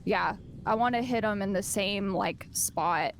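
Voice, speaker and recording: A woman's voice: medium pitch, unhurried, a little hiss or hum. Casual woman tabletop player. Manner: casual, hesitant, filler-heavy. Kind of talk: tabletop game play.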